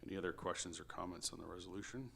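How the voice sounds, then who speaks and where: A low-voiced man with a bright, forward tone runs a municipal committee meeting. He reads motions and calls votes in a brisk, procedural way. Faint room noise sits under the voice. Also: fairly even intonation, creaky. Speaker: committee chair. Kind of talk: chairing a council meeting.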